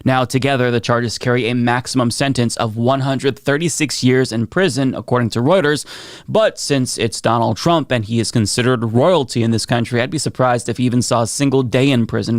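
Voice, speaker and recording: A man delivers scripted news commentary with a wry, sardonic edge. His voice sits at a middling pitch and is recorded dry and close. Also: no echo.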